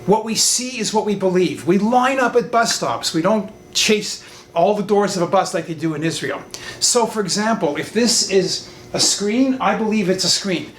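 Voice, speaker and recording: A man's voice: normal speed, fairly bright tone. A man, a lawyer, giving an online class over a video call. He speaks emphatically and repeats his warnings. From Canada. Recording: roomy sound with faint rumble.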